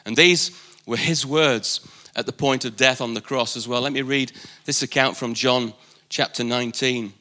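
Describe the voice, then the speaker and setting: A man's voice: medium pitch, fairly even intonation, normal speed, pushed and bright. A man preaching a live sermon at a church service, emphatic, repeating key phrases for weight. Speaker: pastor.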